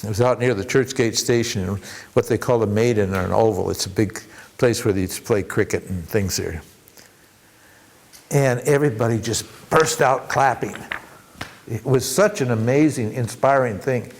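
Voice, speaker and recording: A man giving an informal workshop talk as a spiritual teacher, animated and acting out the voices he quotes. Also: medium pitch, normal speed. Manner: animated, acts out quoted voices, chuckles between points.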